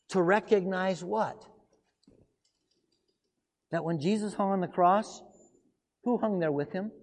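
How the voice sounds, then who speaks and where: A man preaching a sermon, asking emphatic rhetorical questions and swinging between loud outbursts and hushed passages. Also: sits high, takes it slowly, pauses often. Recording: long hall reverb.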